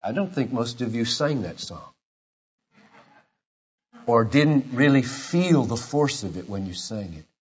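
A man in his fifties preaching a sermon, retelling scripture quietly and then building to shouted passion. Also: medium pitch, lively intonation, measured pace, long pauses, husky, lo-fi sound. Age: 50s. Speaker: pastor.

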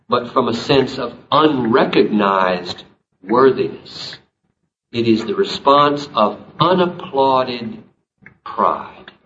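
A man's voice: mid-range voice, a bit bright, recorded from a distance, slight background noise. Impassioned male preacher in a roomy church. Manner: emphatic, climbing to impassioned peaks. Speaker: pastor. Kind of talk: sermon. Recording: roomy, dull live sermon recording.

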